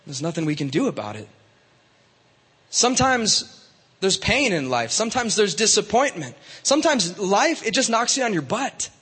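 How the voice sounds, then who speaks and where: A man's voice: high-pitched, sing-song, normal speed, fairly bright tone, breathy edge, big-room sound. A man preaching to young people in a casual, conversational way, with many fillers and restarts. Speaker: youth pastor. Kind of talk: youth sermon.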